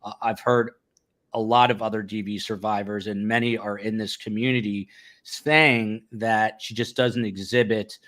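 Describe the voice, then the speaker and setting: A man's voice: on the low side, steady tone, normal speed, a bit bright. Man hosting a live-stream chat. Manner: reads viewer comments, thinks aloud with fillers. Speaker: host. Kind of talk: casual live-stream commentary.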